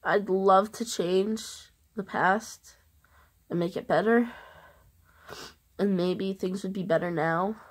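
A woman speaking a heartfelt love message to camera, earnest and halting, with long pauses. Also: medium pitch, husky. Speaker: vlogger.

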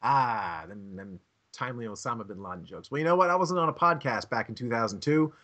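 A man's voice: medium pitch, lively intonation, a little fast, bright, forceful tone. A man hosting a comedy podcast, telling a rambling, profane story and laughing often. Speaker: podcast host.

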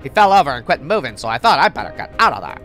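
A woman voicing a blunt, swearing teenage delinquent girl in a video game, with a low, dismissive drawl. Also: big pitch swings, very fast, a bit bright, faint music behind. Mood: gruff.

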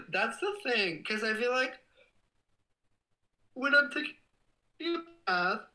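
A livestreamer chatting casually and reading viewer comments, playful and gushing, with affectionate swearing and sudden excited outbursts. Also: mid-range voice, rough recording.

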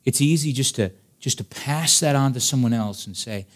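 A man's voice: mid-range voice, normal speed. A man preaching at a church service in an ordinary mid-range voice. He talks straight to the congregation, pressing his points and firing off rhetorical questions. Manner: emphatic preaching, direct address with rhetorical questions. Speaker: pastor. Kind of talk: sermon.

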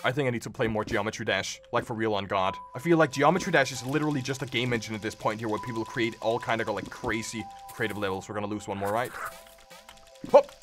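A young man doing excitable live gameplay commentary, full of yelps and playful exclamations. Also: lowish voice, quick pace. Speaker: streamer. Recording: game music under the voice.

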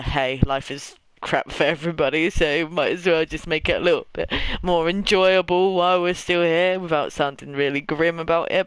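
A man's voice: fairly high pitch, a bit bright, smooth, no echo, poor audio. A young British man with a slight lisp, chatting casually and rambling in a self-deprecating way while streaming a game live. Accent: British English. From Britain.

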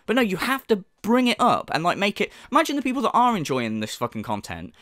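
A man's voice: high voice, sing-song, fast talker, sharp tone, no echo, clean studio sound. A man ranting in sneering, profane commentary as a channel host.

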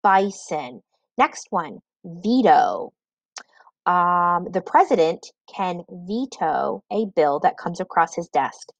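A woman teacher giving a spelling lesson, dictating words slowly and patiently with clear enunciation. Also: fairly low pitch, animated, no echo, poor audio.

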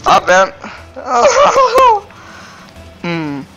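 A man's voice: a little high, expressive, slow pace, pushed and bright, faint music behind. A man giving casual gameplay commentary, giggling and playing up mock anger with lots of rambling filler sounds. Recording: dull lo-fi mic with faint noise.

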